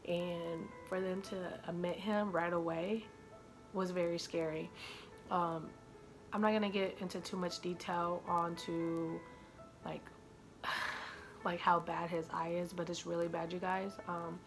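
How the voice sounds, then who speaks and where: A young woman with a slightly low voice talks straight to her viewers, halting and fighting back tears. Her speech is full of ums and likes, broken off and restarted. Faint music plays quietly under her voice. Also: little pitch movement. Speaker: mother vlogger. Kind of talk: emotional personal vlog to viewers.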